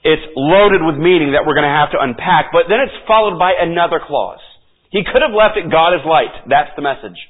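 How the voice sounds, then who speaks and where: A man's voice: on the high side, animated, brisk. Man, pastor, sermon, emphatic, repeats for stress, thin lo-fi line. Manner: emphatic, repeats key phrases. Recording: tinny phone-like audio.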